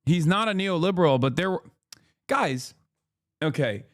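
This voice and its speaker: A man's voice: fairly high pitch, animated, a little slow, no echo, studio quality. An American man giving heated, profane and sarcastic commentary while reacting to clips. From United States. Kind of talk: ranting commentary.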